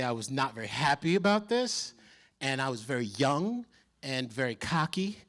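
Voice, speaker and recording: A man telling a story as a guest on a convention panel, lively and acting out other people's voices as he goes. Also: a little high. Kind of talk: animated storytelling.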